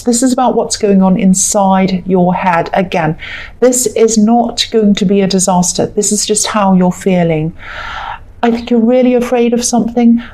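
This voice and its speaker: A woman's voice: mid-range voice, a little mellow. A woman giving a casual tarot reading, soothing and repetitive, reassuring the listener again and again. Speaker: tarot reader.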